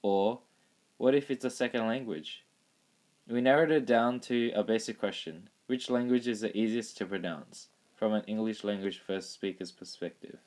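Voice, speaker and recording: A young man reading a prepared school presentation in a steady voice. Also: on the low side, normal speed. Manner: reads a prepared script steadily. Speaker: student presenter. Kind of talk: school project narration.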